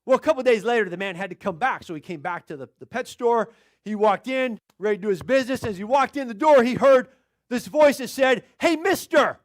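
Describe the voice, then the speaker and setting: A male pastor preaching a sermon, telling a story in an animated, chuckling way. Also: very high voice, brisk.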